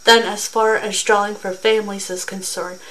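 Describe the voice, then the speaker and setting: A woman voicing a brisk village official. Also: mid-range voice, flat delivery, a bit bright, slight background noise, natural voice, low-quality recording. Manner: businesslike, hurried. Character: brisk man running the village lottery.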